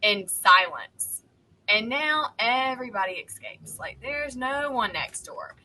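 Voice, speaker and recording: A woman, co-hosting a podcast and telling a story in a heated, animated way. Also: a little high, takes it slowly, slight background noise, poor audio. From North Carolina, US. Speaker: podcast co-host. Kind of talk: casual chat, storytelling.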